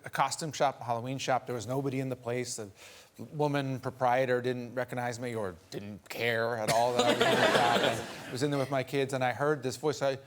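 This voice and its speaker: A man's voice: mid-range voice, steady tone, brisk. A man telling rambling, self-deprecating anecdotes as a guest on a talk show. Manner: wry, self-deprecating storyteller. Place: TV studio with live audience. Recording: loud background noise and audience laughter.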